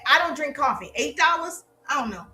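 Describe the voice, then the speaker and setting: A woman's voice: high voice, lively intonation, fairly quick, pushed and bright, a little hiss or hum. A woman marketing coach giving an emphatic, playfully sarcastic motivational lesson. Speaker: social media marketing coach. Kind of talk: live motivational teaching talk.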